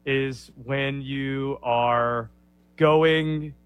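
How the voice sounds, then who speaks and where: A man on a talk show guessing at quiz answers, hesitant and thinking out loud. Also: mid-range voice, fairly even intonation, drawn-out words, smooth, narrow, tinny audio. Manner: hesitant, thinking aloud with restarts. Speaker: co-host taking the quiz. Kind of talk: casual show banter.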